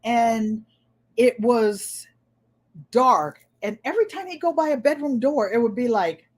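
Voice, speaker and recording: A woman's voice: on the high side, lively intonation, unhurried. An older woman with a New England accent, chatting casually through tag questions and telling stories with easy laughs and repeated words. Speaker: vlogger.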